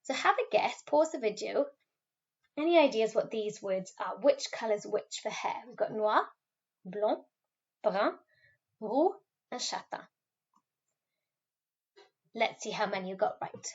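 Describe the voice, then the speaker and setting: A woman teacher giving a recorded French lesson, patiently modelling words slowly for pupils to repeat. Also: mid-range voice, expressive, husky. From Wales. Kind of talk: recorded classroom video lesson. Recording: slightly dull, lo-fi recording.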